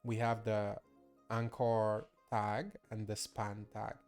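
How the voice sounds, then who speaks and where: A man's voice: lowish voice, monotone, slow, a little mellow, clean tone, faint music behind. A young man with a Nigerian accent, patiently guiding a friend through a live coding lesson and laughing easily. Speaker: coding teacher.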